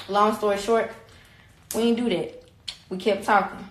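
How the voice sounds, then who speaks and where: A woman's voice: medium pitch, steady tone, measured pace, pauses often, fairly bright tone, roomy sound, poor audio. A young woman on a phone live stream, talking in a heated, blunt and repetitive way, with frequent swearing. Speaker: livestreamer. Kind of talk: casual livestream rant.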